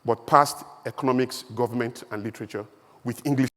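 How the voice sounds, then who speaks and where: A man with a Nigerian accent giving an emphatic, animated public speech at a conference, full of rhetorical questions. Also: mid-range voice, a little fast. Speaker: conference speaker. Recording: long hall reverb.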